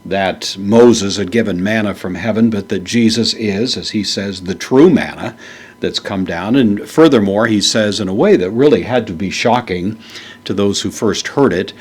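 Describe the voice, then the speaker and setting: A man teaching a Bible verse word by word, parsing each word in a measured way with frequent fillers. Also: on the low side, slightly rough. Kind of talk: unscripted Greek verse lesson.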